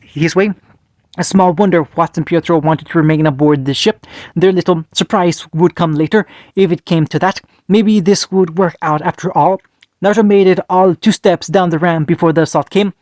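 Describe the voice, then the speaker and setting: A man reading a fan fiction story aloud, steady but with small slips and restarts. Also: fairly high pitch, dry recording. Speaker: reader.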